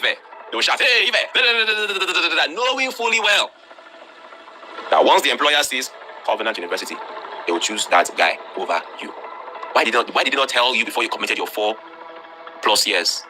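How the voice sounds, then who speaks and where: A Nigerian man delivers a blunt, forceful lecture to an online class, pressing his points with rhetorical questions. His voice is bright and sharp, and he talks at a brisk clip. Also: medium pitch. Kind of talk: live-streamed talk to students.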